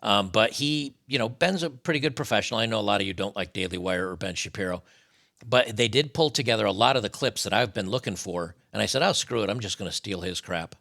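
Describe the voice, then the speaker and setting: A man's voice: fairly low pitch, fast talker, creaky, sharp tone. A man hosting a live stream with casual political commentary, blunt, profane and mocking.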